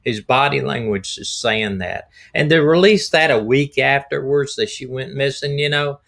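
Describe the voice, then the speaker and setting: A middle-aged man, slightly hoarse, hosting a rambling, folksy live stream as a retired detective. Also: mid-range voice, normal speed, fairly bright tone. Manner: folksy, rambling, repeats himself. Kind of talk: casual live-stream talk.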